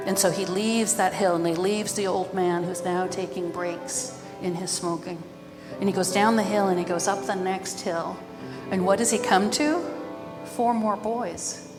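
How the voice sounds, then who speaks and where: A woman storyteller telling a traditional tale live, with a gentle, rhythmic way of repeating her phrases. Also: mid-range voice. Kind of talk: live oral storytelling over music. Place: live event. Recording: live with long reverb and background music.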